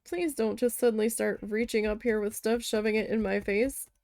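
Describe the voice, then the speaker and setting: A woman's voice: on the high side, moderate pace, no room sound. Young woman vlogger rambling about a road trip, swears a lot, does little voices for people, dry close sound. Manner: chatty, swearing, quoting others in lively voices. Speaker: crafting vlogger. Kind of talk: casual storytelling while crafting.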